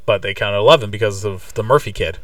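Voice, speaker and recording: A man's voice: on the low side, fast, a bit bright, no room sound, recorded from a distance. A man co-hosting a casual podcast, chatty and playful as he retells a movie scene by scene. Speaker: podcast co-host. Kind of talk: casual movie recap chat.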